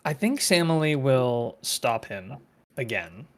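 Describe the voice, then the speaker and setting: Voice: mid-range voice, sing-song, slow pace. A tabletop player asking hesitant questions about the scene. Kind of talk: casual tabletop play.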